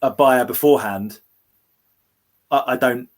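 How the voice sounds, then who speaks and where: A man co-hosting a casual toy livestream, telling stories in a rambling, animated way with many restarts. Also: mid-range voice, a little slow. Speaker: toy show co-host.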